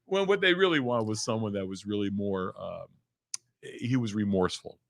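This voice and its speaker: A middle-aged man, a comedian guest telling energetic stories in a small studio, laughing and swearing casually. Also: fairly low pitch, moderate pace, vocal fry, dry recording. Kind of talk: animated storytelling chat.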